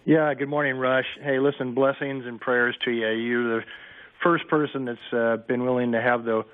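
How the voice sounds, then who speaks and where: A man's voice: mid-range voice, fairly even intonation, moderate pace. Earnest male caller on a tinny phone line. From California. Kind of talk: phone-in call. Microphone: telephone.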